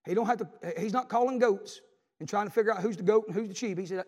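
A preacher in his forties with a high voice, delivering a sermon to his congregation. He swings from loud calls to near-whispers, and his words ring out through a reverberant church hall. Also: fast. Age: 40s. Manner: preaching with call-and-response, swinging from loud to hushed. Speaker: pastor.

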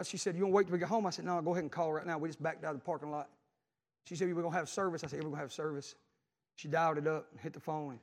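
A preacher in his forties with a high voice, delivering a sermon to his congregation. He swings from loud calls to near-whispers, and his words ring out through a reverberant church hall. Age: 40s. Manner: preaching with call-and-response, swinging from loud to hushed. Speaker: pastor.

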